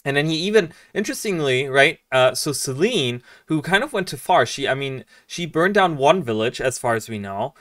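A man's voice: a little high, animated, normal speed, hardly any pauses, a bit bright, no echo, studio quality, far from the mic. A man giving casual commentary over a game, rambling with lots of fillers and reading lines aloud. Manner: rambling, filler-heavy, reads dialogue aloud. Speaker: streamer playing and commenting.

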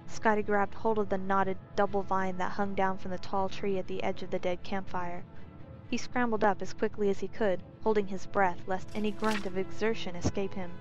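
A woman reads a fantasy tale aloud as a calm bedtime story, at a middle pitch. The recording is dull and lo-fi, with faint music playing underneath. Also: moderate pace.

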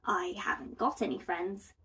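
A woman voicing a big, shy male bear who is scared of everything, speaking in a squeaky, nervous, meek way. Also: normal speed, fairly bright tone. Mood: timid.

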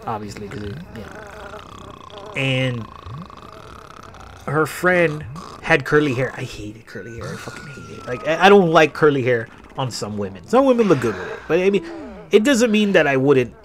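A man's voice: fairly high pitch, huge pitch swings, moderate pace, a little hiss or hum. A man telling a rambling, profane personal story during a game playthrough, often correcting himself. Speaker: gaming channel host.

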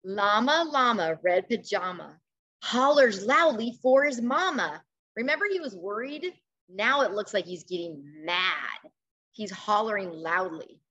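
Reading a picture book aloud to children via video call, this woman teacher sounds expressive and coaxing and breaks off to ask questions. Her pitch is medium and the audio is dull.

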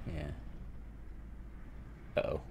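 A man casually commenting on a game replay, rambling and retelling his own reactions, with sudden excited exclamations. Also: drawn-out words, noisy background. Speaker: gameplay commentator.

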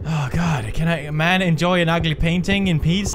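A man's voice: a little high, moderate pace, few pauses, noisy background. A man doing horror game commentary, jumpy, sarcastic and profane. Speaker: gaming video creator.

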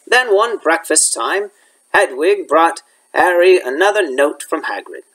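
A man's voice: on the high side, expressive, unhurried, fairly bright tone, rough recording. A male elementary school teacher reading a chapter book aloud, with occasional slips he corrects.

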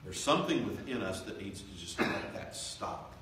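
A man preaching a revival sermon, swelling loud and slow for emphasis, then dropping to quiet, confiding tones. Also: lowish voice, lively intonation, a little hiss or hum. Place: church sanctuary. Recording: echoey church from far off.

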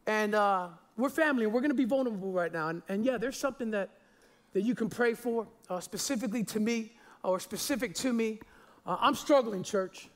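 Man in his forties, very high voice, pastor preaching in a loose, jokey, stumbling way. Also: fairly quick. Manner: chatty and jokey, with many repeated words and fillers. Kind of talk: sermon.

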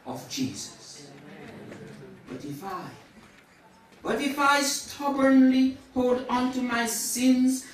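A woman's voice: sits high, a little hiss or hum. A woman preaching a sermon, dramatically acting out dialogue and building to fervent cries. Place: church sanctuary. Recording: echoey church from far off.

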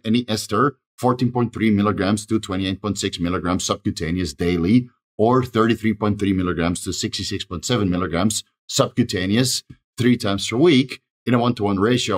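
A man hosting his own channel, delivering a fast solo advice monologue and rattling off lists of dosages, often tagging lines with "right?". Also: on the low side, husky. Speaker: channel host giving advice.

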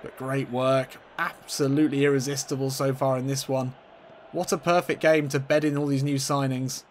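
A man commentating his own football video game match in a playful mock-commentator style, getting excitable and leaping up in pitch at chances. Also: normal speed, a little hiss or hum. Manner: excitable, jumps high in pitch at chances, laughs often.

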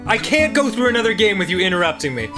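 A man in his thirties hosting a casual gaming show, loud, exasperated and swearing a lot. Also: high-pitched, sing-song, fast, music in the background. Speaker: host.

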